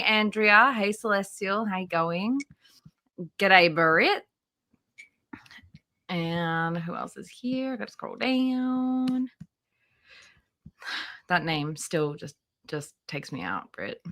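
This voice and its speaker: Bright-voiced woman hosting a livestream. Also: medium pitch, lively intonation, slow pace, long pauses. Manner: chatty, greets viewers by name, laughs often. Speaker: livestream host. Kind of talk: casual livestream commentary.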